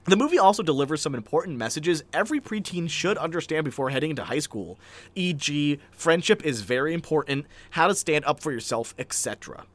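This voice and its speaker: A man's voice: fairly high pitch, big pitch swings, a little fast. A man co-hosting a casual chat, reading online reviews aloud with playful, dramatic flair. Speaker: podcast co-host.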